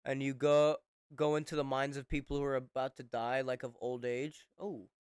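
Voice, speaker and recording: A man's voice: medium pitch, level tone, normal speed, darkish tone, smooth, dry recording. Profane young male streamer, close and dry. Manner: profane, rambling, laughs often. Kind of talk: casual stream chat.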